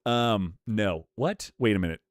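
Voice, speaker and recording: A man's voice: on the low side, a little slow, no room sound. A young man streaming live, chatting casually with his chat, swearing freely and laughing often. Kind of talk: livestream chat reaction.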